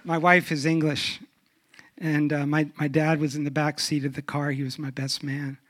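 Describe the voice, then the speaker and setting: A middle-aged man preaching a sermon on a church stage, asking rhetorical questions and dropping to a hush for emphasis. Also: a little high, level tone, moderate pace, a little hiss or hum. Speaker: guest speaker on sexuality. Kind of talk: sermon with humorous stories.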